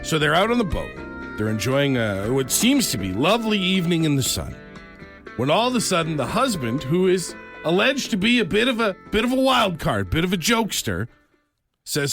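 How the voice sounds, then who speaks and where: A man's voice: sits high, very animated, normal speed, vocal fry, fairly bright tone, dry recording, faint music behind. A man co-hosting a podcast in casual chat. He tells the story with animation and acts out the quotes. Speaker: podcast co-host.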